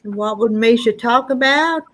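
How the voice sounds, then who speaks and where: A woman's voice: a little high, unhurried, fairly bright tone, rough recording. A woman chatting and teasing with friends as a co-streamer on a video call. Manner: teasing and laughing. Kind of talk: casual chat.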